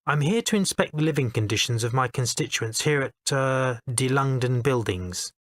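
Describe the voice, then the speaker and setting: A deep, resonant, plummy voice of a pompous old politician, put on by a man reading his own audiobook. He talks down to people in a slow, grand, patronising way. The sound is dry and close, with no room around it. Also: animated, fairly bright tone, no room sound, close to an everyday voice. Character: pompous upper-class older male politician. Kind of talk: audiobook character voice.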